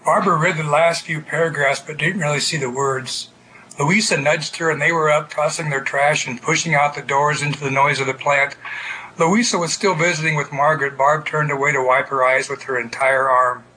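A man reading a literary short story aloud in a steady, measured way. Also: on the high side, slight background noise, low-quality recording. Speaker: narrator.

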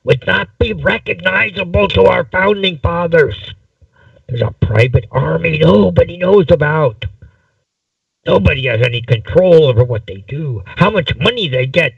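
A man's voice: on the high side, lively intonation, a little slow, creaky, breathy edge, dry recording, far from the mic, highs cut off, pitched above the performer's own voice, full character voice. A man voicing a hooded male prisoner who hisses conspiratorial rants in a raised, strained voice. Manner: hissing, conspiratorial.

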